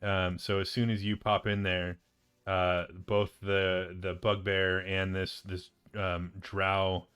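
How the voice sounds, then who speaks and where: A man running a tabletop game as game master, narrating hesitantly with many pauses and restarts. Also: sits low, level tone, a bit bright, smooth.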